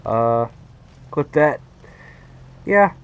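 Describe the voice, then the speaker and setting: An excitable young man rambles to his chat while he plays a game on stream. His voice sits a little high for a man and jumps all over the place as he gets worked up. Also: drawn-out words, clean tone, dull audio. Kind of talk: casual live-stream chat while gaming.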